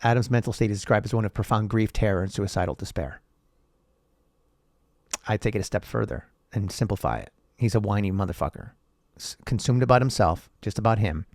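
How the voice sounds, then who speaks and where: A man hosts a podcast where he reads old texts aloud and riffs on them, profane, sarcastic and rambling, laughing at his own jokes. His voice is on the low side and fairly quick, recorded dry with clean studio sound.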